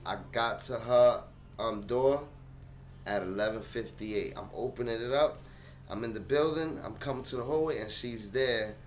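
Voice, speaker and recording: A young man telling a personal story to his vlog audience in an animated, slangy way. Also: mid-range voice, normal speed. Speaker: channel host.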